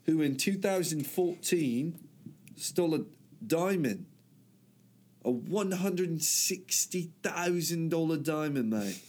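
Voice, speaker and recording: A man's voice: on the high side, animated, takes it slowly, a little mellow. A young man in casual chat, swearing freely and sprinkling his talk with "mate" in a put-on English way. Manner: swears a lot, keeps saying "mate" in a put-on English accent. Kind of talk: casual chat trading wild facts.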